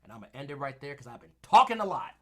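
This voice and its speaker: A man co-hosting a podcast, recapping in casual chat and swinging between loud excited bursts and low mumbles, winded from talking. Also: very fast. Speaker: podcast co-host.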